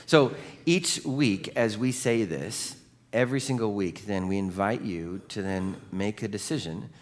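A male pastor preaching a sermon in a lively, conversational way, cracking jokes and calling for responses from the congregation. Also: on the low side, a little slow.

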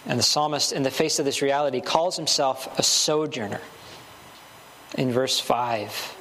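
A man's voice: medium pitch, unhurried, pushed and bright, slight background noise. A man preaching a sermon earnestly, building emphasis with short repeated phrases.

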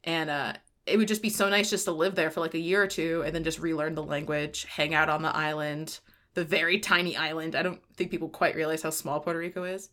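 A woman's voice: low voice, steady tone, a little fast, fairly bright tone. A woman hosting a podcast in casual chat, rambling with lots of "like", laughing and swearing freely. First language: Spanish. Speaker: podcast host.

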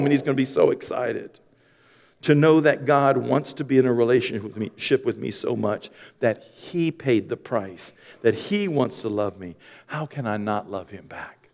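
A man preaching an Easter sermon from a church stage, animated, swinging from soft and low to high and loud. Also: normal speed. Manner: animated, climbs high and loud when excited, then drops soft. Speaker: pastor. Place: church stage with long reverb. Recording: reverberant church hall.

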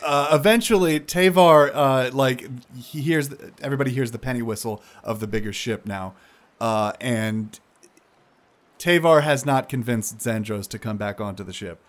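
Brief: easygoing male game master, mid-pitched, narrating with fillers. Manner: casual, halting with fillers.

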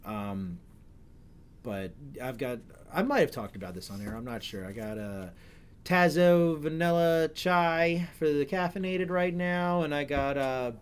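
A man's voice: a little high, expressive, unhurried, slight background noise. A middle-aged man hosting a podcast, chatting casually in a rambling way with frequent self-corrections and jokes. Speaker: podcast host. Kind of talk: casual chat.

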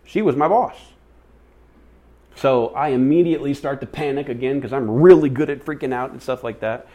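A man's voice: mid-range voice, normal speed, highs cut off. A man speaking at church, telling a personal story in a sermon and acting out the people he quotes. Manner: animated, acts out quoted voices.

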